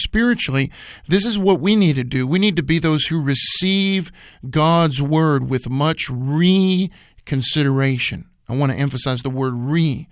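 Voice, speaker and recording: A man's voice: a little high, dry recording, clean studio sound. A man co-hosting a radio Bible program, teaching in an earnest, emphatic, repetitive preacher's manner.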